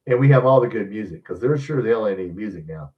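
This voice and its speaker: Brief: gruff man in his 60s, sports stream host, blunt, somewhat off-mic, muffled. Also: lowish voice, lively intonation, fast. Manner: blunt and grumbling, swears casually. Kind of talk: casual live stream chat, reading viewer comments. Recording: dull distant mic sound.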